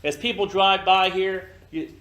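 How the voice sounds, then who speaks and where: Slow, emphatic older man in an echoey room. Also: high voice, fairly even intonation, a bit bright, dull audio. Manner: slow, emphatic, acts out skits in other voices. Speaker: business leader speaking to his team. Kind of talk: motivational talk to a room. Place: office meeting room.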